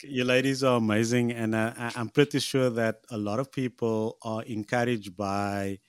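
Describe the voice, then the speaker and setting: A man's voice: mid-range voice, steady tone, clean tone, dry recording. A man hosting a live talk show with upbeat patter to guests and viewers. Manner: upbeat, quick on-air patter. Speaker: host.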